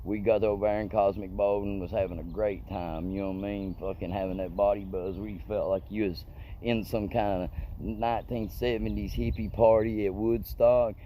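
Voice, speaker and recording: A man's voice: lowish voice, fairly even intonation, moderate pace, muffled recording, a little hiss or hum. Profane storyteller man. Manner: rambling, profane, colloquial. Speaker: comedic storyteller. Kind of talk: casual storytelling monologue.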